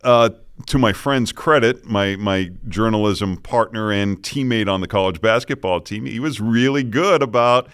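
A middle-aged man from the Boston area, a news anchor telling lively anecdotes with frequent chuckles in a casual podcast. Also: fairly low pitch, normal speed, smooth, dry recording, clean studio sound. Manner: animated anecdotes, chuckling often.

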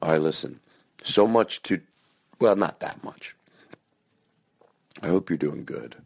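A man's voice: deep voice, lively intonation, slow, creaky, a little mellow, husky. A man hosting a podcast, giving a silly, rambling intro spoken into his phone. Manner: playful, silly, rambling asides. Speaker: podcast host. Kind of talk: casual comic intro. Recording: phone-recorded, dry.

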